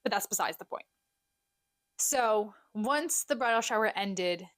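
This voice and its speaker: A young woman co-hosting a podcast, catching up in a chatty, self-deprecating, animated way. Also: medium pitch, measured pace, no echo. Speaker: podcast co-host. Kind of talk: casual solo catch-up chat.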